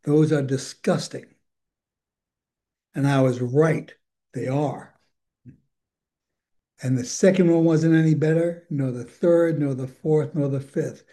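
A man's voice: on the high side, a little slow, pauses often, warm tone. An older man giving a candid, rambling recovery share, chuckling often as he talks. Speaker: recovery program speaker.

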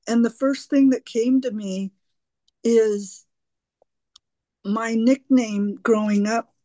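A woman sharing her recovery story at a twelve-step meeting, halting and earnest, often repeating her words. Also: on the high side, fairly even intonation, mellow, dry recording. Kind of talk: personal recovery share.

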